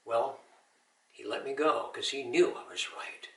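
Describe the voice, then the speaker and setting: A man's voice: medium pitch, moderate pace, fairly bright tone, echoey room, far from the mic, rough recording. An older man, an Army veteran, giving an earnest personal testimony with Christian encouragement. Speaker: Army veteran telling his story.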